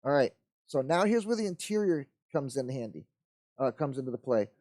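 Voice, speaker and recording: A man's voice: medium pitch, big pitch swings, brisk, a little mellow, no room sound. Easygoing man muttering through a build. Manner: rambling, talks to himself while working; easygoing, folksy. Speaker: host of a live model-building show. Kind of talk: casual live build commentary.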